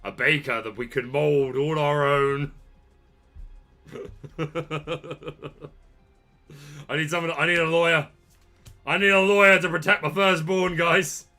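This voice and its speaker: A man, hosting a card-opening video with jokey, excitable commentary and bursts of shouting. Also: on the high side, slow, long pauses, soft background music. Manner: excitable, jokey trash talk with sudden shouts. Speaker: trading card channel host. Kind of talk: casual pack-opening commentary.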